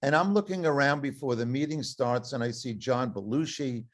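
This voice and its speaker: A man in his seventies, an author telling a comic story to an audience in an animated, self-deprecating way. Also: medium pitch, normal speed.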